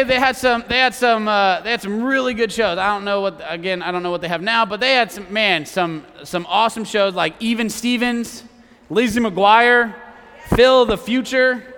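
A young man preaching a youth sermon, conversational and joking with his audience, dropping to a hush for emphasis. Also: sits high, clean tone, long reverb tail. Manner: jokey asides to a young audience.

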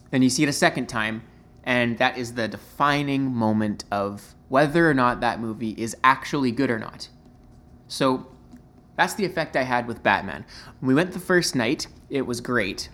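Relaxed, thoughtful male podcast guest. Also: medium pitch. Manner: relaxed, thoughtful, explains at length. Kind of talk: casual podcast chat.

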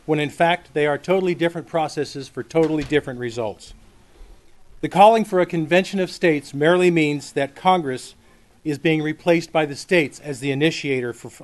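Earnest man giving formal testimony. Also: fairly high pitch. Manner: formal, earnest, speech-like delivery. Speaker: public witness at a legislative hearing. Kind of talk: prepared testimony read at a podium.

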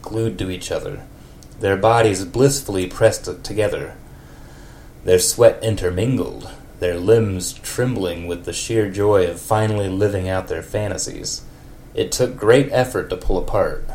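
A man hosting a podcast who reads a story aloud in a deadpan way and then chats casually. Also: low-pitched, measured pace, slight background noise. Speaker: podcast host.

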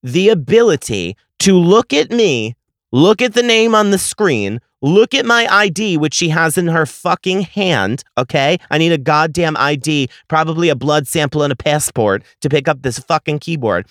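A man's voice: fairly high pitch, expressive, moderate pace, no room sound. Profane ranting man, dry close sound. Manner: profane, exasperated ranting that swings between muttering and loud outbursts. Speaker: podcast host. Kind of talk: ranting storytelling.

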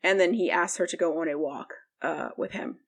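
A woman's voice: fairly low pitch, normal speed, vocal fry. A young woman co-hosting a podcast, recapping a book in a rambling casual chat full of fillers. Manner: rambling, heavy use of "like", frequent fillers. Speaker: podcast co-host.

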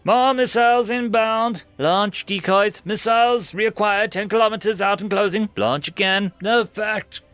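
A man's voice: high voice, fairly even intonation, brisk, no room sound, soft background music, voice pushed up. Man doing a panicky tentacled alien ensign. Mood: panicked. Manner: panicky, shouts reports.

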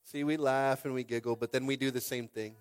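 A pastor in his thirties preaching a lively sermon, acting out quotes and calling out to the congregation. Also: mid-range voice, fairly quick, smooth. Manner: animated, acts out quotes, keeps calling on the crowd.

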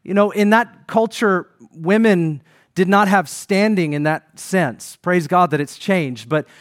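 Man, pastor, sermon, emphatic preaching, high-pitched, dry sound. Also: a little slow, dry recording. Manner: preaching with rising emphasis and call-and-response.

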